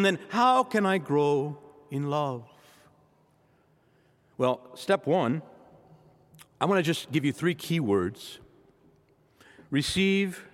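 A male priest delivers a sermon with a lively, swooping delivery, his voice sitting a touch higher than most men's. He talks straight to the congregation, and the sound carries a long reverb from the church. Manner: animated preaching, addresses the congregation directly.

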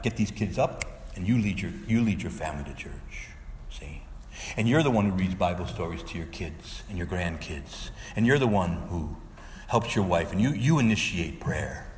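A man's voice: deep voice, darkish tone, big-room sound, a little hiss or hum. A male Catholic priest preaching a sermon, earnest and exhorting, sometimes pleading with his listeners.

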